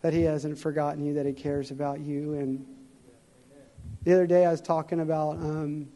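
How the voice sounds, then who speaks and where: A man's voice: on the high side, little pitch movement, moderate pace, dark tone. Earnest man preaching in an echoing hall. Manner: conversational storytelling, earnest. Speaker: guest speaker. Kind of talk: sermon. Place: church.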